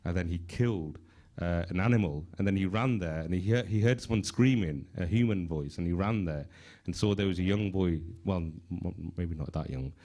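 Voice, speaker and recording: A man with a very low, dark voice retelling a scripture story in front of a temple gathering. He hesitates often, fills pauses with ums and uhs, and sounds unsure of the details. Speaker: congregation member. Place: temple hall.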